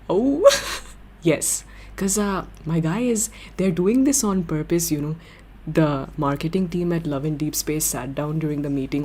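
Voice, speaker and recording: A young woman hosting a livestream, chatting with viewers in an excitable, giggly way. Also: low-pitched, slightly rough. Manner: excitable, giggly, gushing fan talk. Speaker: livestream host. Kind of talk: casual chat with viewers.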